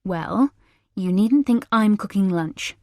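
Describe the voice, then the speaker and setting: Sharp, sarcastic young mother, read by a woman. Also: mid-range voice, animated, slow, dry recording, clean studio sound. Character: irritable, scheming young mother.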